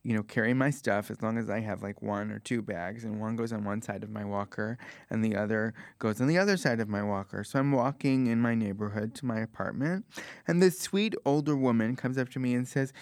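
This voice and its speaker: A man's voice: a little fast, no echo, studio quality. Self-mocking young man doing stand-up. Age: 20s. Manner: animated, with sudden comic jumps in pitch and bursts of laughter. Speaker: stand-up comedian. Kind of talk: comic storytelling monologue.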